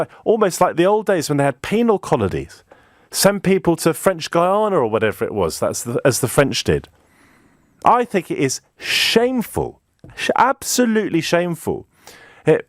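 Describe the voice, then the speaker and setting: A man's voice: fairly high pitch, no room sound, clean studio sound. An indignant middle-aged British man with a British accent, delivering an impassioned radio monologue as host of a phone-in show. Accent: British English. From Britain. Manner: indignant, rhetorical, emphatic.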